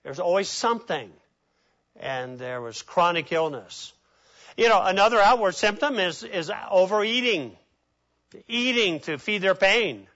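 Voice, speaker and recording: A pastor preaching a sermon, animated, acting out the voices of people he quotes. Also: high-pitched, a little slow. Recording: muffled lo-fi sermon recording.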